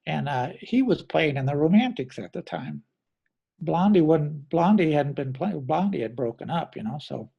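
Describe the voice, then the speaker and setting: A man's voice: fairly high pitch, animated, moderate pace, creaky, dark tone, husky, muffled recording. A middle-aged man, a drummer being interviewed, telling rambling stories in a casual way and often correcting himself. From American Midwest. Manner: rambling, self-correcting anecdotes with acted quotes.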